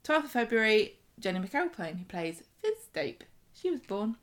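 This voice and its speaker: A woman's voice: on the high side, big pitch swings, moderate pace. A woman co-hosting a podcast in casual chat, with a dry, teasing manner. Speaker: podcast co-host.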